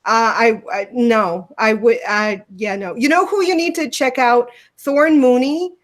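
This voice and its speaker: A woman's voice: a little high, unhurried. A woman co-hosting a casual livestream chat, talking loosely with many fillers and restarts. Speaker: podcast co-host.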